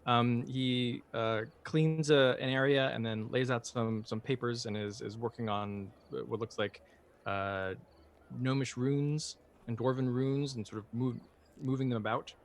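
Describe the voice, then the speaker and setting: A man's voice: medium pitch, steady tone, measured pace. A man playing in a tabletop game, describing his character's actions hesitantly, with many ums and an amused tone. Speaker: player. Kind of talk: tabletop role-play narration.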